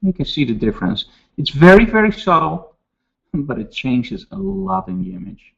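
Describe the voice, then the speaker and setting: A man with a Dutch accent teaching photo retouching step by step in a webinar, with relaxed asides. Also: mid-range voice, moderate pace, gravelly, slightly rough, lo-fi sound. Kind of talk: software tutorial webinar.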